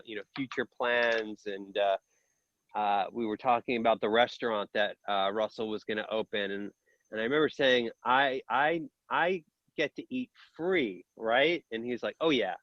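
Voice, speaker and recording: A man reminisces in a rambling, halting way, often stopping to restart. His voice sounds dull and dry in the recording. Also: on the low side, steady tone, dry recording. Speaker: old friend. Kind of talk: casual reminiscing.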